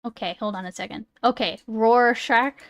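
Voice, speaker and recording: A woman's voice: a little high, normal speed, dry recording, highs cut off. A woman streamer chatting casually, swearing and laughing as she fumbles over a word. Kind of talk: casual live-stream chat.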